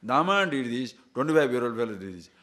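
A man giving a spiritual discourse, telling a fable in an animated way and checking in with his listeners as he goes. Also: mid-range voice, fast talker. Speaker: spiritual teacher.

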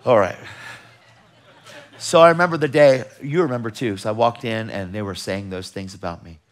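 A fervent man preaches a sermon to a congregation, firing off rhetorical questions with emphatic energy at normal speed. His middling, unforced voice swings from urgent bursts down to quiet, pointed asides.

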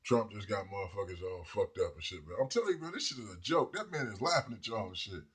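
A man's voice: fairly low pitch, expressive, fast talker, husky. A man delivering a rambling, profane comedic rant to his viewers. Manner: profane, rambling, laughs at people. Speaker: vlogger.

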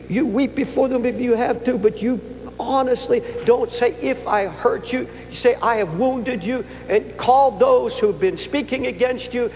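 A man's voice: extremely high pitch, a little mellow. An older man in his seventies preaching a sermon at a conference, telling a personal story in an earnest way, stammering and restarting at times. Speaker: pastor. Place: large conference hall. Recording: echoey hall with faint hum.

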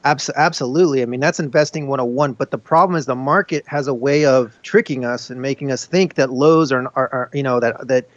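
A man's voice: medium pitch, fairly quick, hardly any pauses, dry recording. Guy walking thru stock charts, earnest, keeps restarting, dry muffled sound. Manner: earnest, emphatic, many restarts. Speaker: guest market analyst. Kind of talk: explaining charts on a live finance show.

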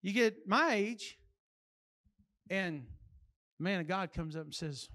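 Older male preacher, very high and bright voice, folksy and emphatic delivery in church. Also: lively intonation, slow, long pauses. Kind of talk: sermon.

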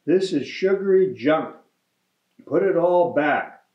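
A man's voice: a little high, animated, takes it slowly, a little mellow, voice pushed up. A man doing a flustered, exasperated dad. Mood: scolding. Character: fussy flustered father, easily exasperated. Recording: roomy, slightly dull recording.

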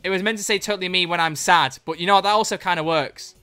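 A streamer giving excitable live commentary on a drawing game, swearing freely and breaking into loud laughter. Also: medium pitch, fast talker, clear, resonant tone.

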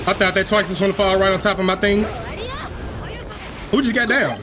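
Over crowd noise and a noisy background, a man with a high voice talks fairly quickly as he hosts his gaming channel. He delivers playful, slangy trash talk during live gameplay and jokes around with his viewers.

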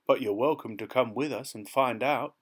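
A man's voice: mid-range voice, normal speed, slightly rough, lightly acted. A man voicing a young girl in a storybook, earnest and pleading. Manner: pleading and anxious.

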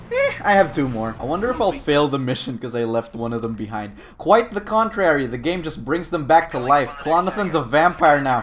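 A young man giving comedic gameplay commentary, excitable and often yelling and laughing. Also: on the high side, a little hiss or hum. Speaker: gaming YouTuber.

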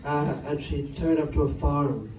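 On a comedy club stage, a man with a slightly high voice does a stand-up set at normal speed, chatting wryly and ramblingly with the crowd between jokes. The live club sound is roomy and distant, with audience laughter behind him.

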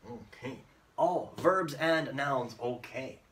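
A male English teacher in an online lesson, acting out sounds playfully and mixing in Japanese words. His pitch moves up and down freely while he keeps an unhurried pace. He sounds a little distant from the mic. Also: expressive, a bit bright, a little hiss or hum.

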